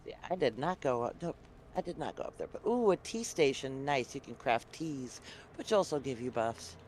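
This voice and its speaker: A man co-hosting a gaming podcast, chatting casually and upbeat, quick to laugh. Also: mid-range voice, expressive, darkish tone, slight background noise. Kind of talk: casual chat about a game.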